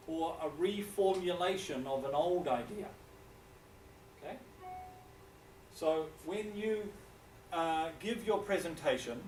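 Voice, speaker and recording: A male lecturer with a New Zealand accent gives a classroom lecture slowly and deliberately, his voice slightly high with a darkish tone. He keeps checking in with listeners, often asking "okay?" The audio comes from a distant mic in an echoey room, with faint hiss underneath.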